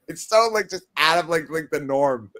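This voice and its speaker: A man co-hosting a casual wrestling chat, excitable and tripping over his words as he retells stories. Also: a little high, a little slow. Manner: excitable, stammering restarts, laughs at own stories. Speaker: podcast co-host.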